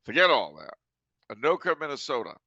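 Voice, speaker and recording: A man's voice: mid-range voice, very animated, fairly quick, sharp tone, no echo, highs cut off. A man hosting a casual podcast chat, talking in a dry, teasing way and breaking into sung jokes. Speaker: podcast host.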